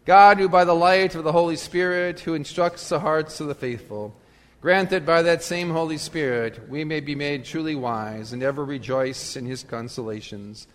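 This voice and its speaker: A man leading a church service as pastor, reading the gospel, praying and preaching in a measured, emphatic way. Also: fairly high pitch, long reverb tail. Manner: measured, emphatic reading with rising and falling delivery. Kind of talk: sermon with gospel reading and prayer.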